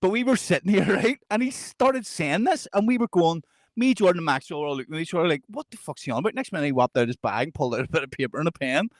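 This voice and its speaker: Animated storytelling man, laughing, swearing. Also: a little high, fast, no room sound, clean studio sound. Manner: animated, laughs through stories, swears freely. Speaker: podcast co-host. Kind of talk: casual storytelling chat.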